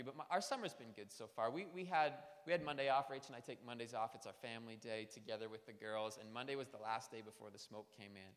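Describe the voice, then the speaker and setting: A man's voice: mid-range voice, fairly bright tone. A man in his thirties preaching a sermon in a church, conversational and storytelling, with self-deprecating asides. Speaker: pastor. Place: church sanctuary. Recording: long church hall reverb.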